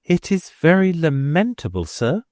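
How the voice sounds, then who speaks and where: A man's voice: a little high, very animated, a little slow, a little mellow, dry recording, studio quality, voice pushed up. A man voicing an anxious, deferential young clergyman who speaks in a raised, faltering way. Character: earnest anxious young male minor canon.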